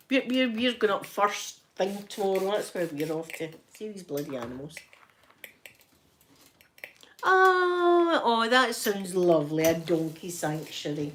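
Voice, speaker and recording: A woman's voice: medium pitch, lively intonation, normal speed, a little hiss or hum. A Scottish woman chatting casually to her viewers at home, talking freely and laughing often. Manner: chatty, laughs often, addresses chat by name. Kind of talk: casual live-stream chat while ironing.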